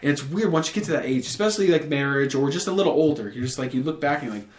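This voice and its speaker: A man's voice: fairly high pitch, rapid-fire. A young man hosting a casual podcast, rambling and swearing freely as he tells stories and acts out quotes. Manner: rambling, profane, animated storytelling with acted quotes. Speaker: podcast host. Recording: roomy echo.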